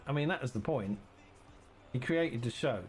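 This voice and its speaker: A man's voice: medium pitch, lively intonation, moderate pace, faint music behind. Chatty man streaming a game. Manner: chatty, teasing, rambling. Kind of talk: casual chat while streaming a game.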